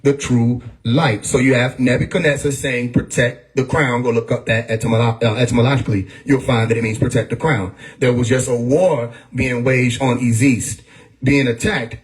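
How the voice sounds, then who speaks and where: Male host holding forth on a live stream, preachy, keeps urging the audience to stay with him, quick bursts of laughter. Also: mid-range voice, steady tone. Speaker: livestream host. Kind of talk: casual livestream monologue.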